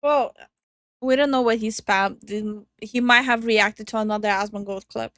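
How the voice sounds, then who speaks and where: A woman's voice: a little high, steady tone, moderate pace, a bit bright, no echo. A woman co-hosting a react video, making incredulous, dry remarks. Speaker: YouTube react co-host. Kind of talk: casual react commentary.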